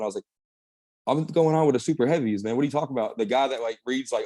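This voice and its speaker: A young bodybuilder appears as a podcast guest, telling stories in an animated, casual way packed with slang and swearing, often saying "bro" and "man." His medium-pitched voice moves at a quick pace, and the recording is dry.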